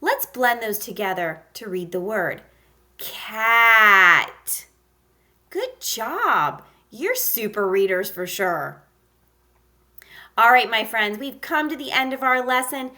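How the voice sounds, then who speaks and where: A woman teaching a phonics lesson to young children, sounding out letters and praising slowly and encouragingly. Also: a little high, very animated, pushed and bright. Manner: slow, encouraging, sounds out letters with exaggerated emphasis. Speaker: kindergarten teacher.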